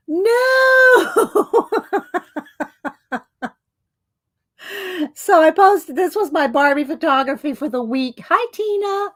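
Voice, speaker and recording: Chatty, rambling woman streamer, slightly high. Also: lively intonation, unhurried, pauses often. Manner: rambling, chatty, laughs often, greets viewers. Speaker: livestream host. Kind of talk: casual livestream chat.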